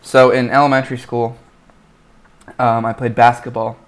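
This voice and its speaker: A man's voice: mid-range voice, flat delivery, moderate pace. A young man in casual podcast chat, laid-back, prompting the others with short questions and agreement. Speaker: podcast co-host.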